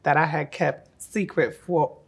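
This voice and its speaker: A woman's voice: sits low, measured pace, vocal fry, husky. A woman in her thirties from Newark, New Jersey, talking through her acting career in a casual, heartfelt and playful way. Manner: effusive and heartfelt, with playful asides. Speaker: actress.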